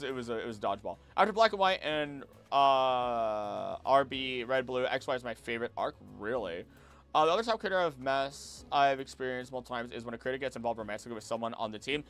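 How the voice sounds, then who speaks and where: Chatty male streamer, smooth voice. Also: mid-range voice, animated, fairly quick, fairly bright tone, soft background music. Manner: chatty, repeats himself, many fillers. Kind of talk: casual livestream chat.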